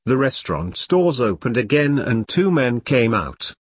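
A man narrating an audiobook in a steady, dramatic storytelling manner. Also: medium pitch, measured pace, husky, no echo, clean studio sound.

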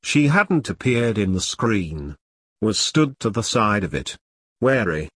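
A man narrating a first-person story as an audiobook reader, telling it in an expressive, storytelling way. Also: on the low side, slow pace, slightly rough, no room sound, clean studio sound.

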